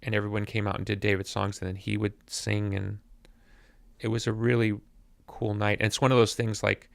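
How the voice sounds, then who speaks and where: A man's voice: on the low side, flat delivery, fairly quick, gravelly, no echo. A man in his fifties, a musician guest talking thoughtfully on a podcast and often repeating words as he searches for them. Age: 50s. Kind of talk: reflective interview conversation. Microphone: podcast mic.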